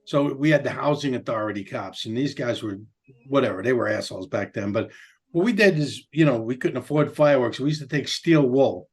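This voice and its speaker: A man from Queens, telling profane, animated comedic stories on a podcast. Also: medium pitch, a little fast, husky. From Queens, New York. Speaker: podcast co-host. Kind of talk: casual comedic storytelling.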